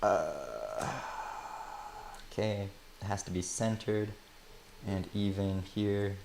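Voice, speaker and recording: A man's voice: sits low, lively intonation, slow pace, creaky, noisy background. A man casually chatting on a livestream while he works on a build, rambling and joking at his own expense. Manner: rambling, self-mocking, chuckles often.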